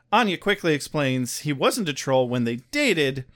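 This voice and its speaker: A man co-hosting a casual recap podcast, his voice sitting a little high and moving through a wide, animated range. He talks in a joking, irreverent way. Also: unhurried. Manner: joking and irreverent, laughs often. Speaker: podcast co-host. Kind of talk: casual chat recapping a TV episode.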